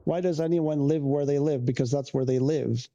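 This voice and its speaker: A man talks loosely through a livestream, answering viewers as he goes. His voice sits a bit high, with a gravelly, fry-laden edge. The sound is mellow and dark, and he wanders off mid-sentence before picking the thread back up. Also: fairly even intonation, moderate pace, dull audio. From Canada. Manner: rambling, trails off and restarts, answers chat questions. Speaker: streamer. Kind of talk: casual livestream chat with viewers.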